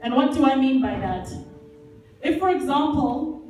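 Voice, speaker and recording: A woman addresses a conference with an earnest, emphatic motivational talk drawing on Bible examples. She repeats key phrases for weight. Her voice is high and mellow, caught from a distance in a very echoey hall with faint music. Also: expressive, unhurried. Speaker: conference speaker. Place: large indoor leisure centre hall.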